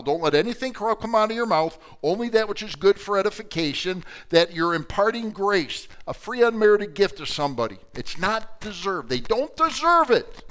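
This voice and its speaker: An older man teaches a Bible class in a church room before a live audience. His voice sits a little high for a man. He moves between loud, emphatic points and quiet, confiding asides. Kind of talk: sermon-style Bible teaching.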